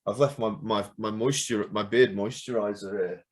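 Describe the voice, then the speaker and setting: A man's voice: lowish voice, fairly even intonation, moderate pace. A man, a rock musician guest, chatting over a video call in a joking, self-deprecating way. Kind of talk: casual chat.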